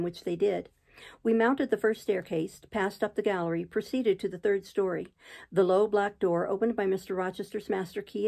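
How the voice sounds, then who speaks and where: A woman's voice: mid-range voice, creaky, mellow. A woman reading a classic novel aloud in an unpolished way, now and then stopping to restart a line. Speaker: audiobook reader.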